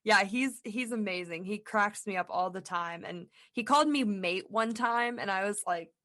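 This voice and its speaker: A woman hosts a sports podcast, her voice pitched in an ordinary middle range. She chats casually and asks loose, rambling questions. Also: moderate pace, a bit bright. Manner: chatty, laughs easily, rambling questions. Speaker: podcast host and sports reporter.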